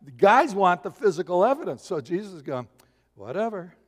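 A man delivers a sermon with a high voice, and the sound rings out with long reverb from a large room. He tells the story with humor and acts out quick voices for the people in it. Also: very animated. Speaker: pastor.

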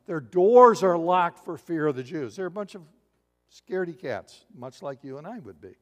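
A man delivers a sermon with a high voice, and the sound rings out with long reverb from a large room. He tells the story with humor and acts out quick voices for the people in it. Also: big pitch swings, faint music behind. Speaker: pastor.

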